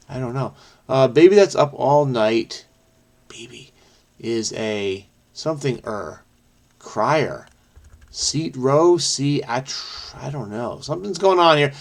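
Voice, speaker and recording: A man hosting a crossword video, thinking aloud in a rambling, self-questioning way as he solves. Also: mid-range voice. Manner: rambling, self-questioning, frequent "I don't know". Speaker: crossword solving video host. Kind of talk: casual think-aloud puzzle solving.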